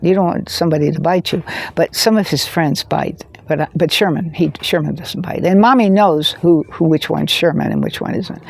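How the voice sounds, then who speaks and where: A woman in her seventies, a farmer, telling stories to the camera in a gushing way that drifts into soft whispers. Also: fairly low pitch, vocal fry, slightly rough, no echo. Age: 70s. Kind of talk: casual storytelling to camera.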